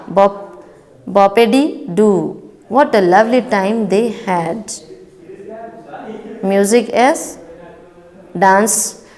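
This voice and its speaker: Woman teacher for a children's reading lesson, very slow and deliberate, pauses to explain words. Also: medium pitch, a little mellow. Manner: rereads lines and explains word meanings; chants sound words in a sing-song rhythm. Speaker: school teacher. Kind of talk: reading a story lesson aloud to young children.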